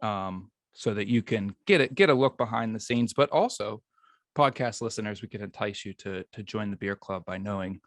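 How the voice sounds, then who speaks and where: A man's voice: fairly low pitch, normal speed, no echo. A man hosting a beer podcast, chatting casually and joking at his own expense. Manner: easygoing, self-deprecating joking. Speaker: podcast host.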